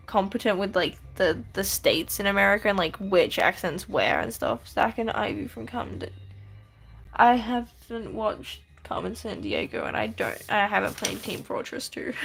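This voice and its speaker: A woman's voice: medium pitch, animated, moderate pace, creaky, fairly bright tone, husky. Chatty woman rambling on a livestream. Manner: rambling, chatty, lots of fillers and laughs. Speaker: streamer. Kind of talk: casual livestream chat while drawing.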